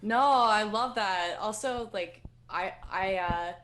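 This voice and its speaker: A young woman, a podcast guest, talking casually and animatedly, quick to laugh and swear. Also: medium pitch, a bit bright. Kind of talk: casual chat.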